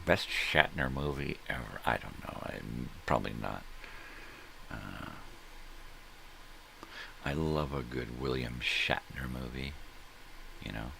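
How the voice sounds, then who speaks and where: A middle-aged man rambles slowly through casual morning talk, tossing in jokes and curses. His voice sits extremely deep and gravelly. It still carries a bright, forward edge. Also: a little hiss or hum. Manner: rambling, joking, profane, trails off searching for names. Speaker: host. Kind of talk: casual solo livestream chat.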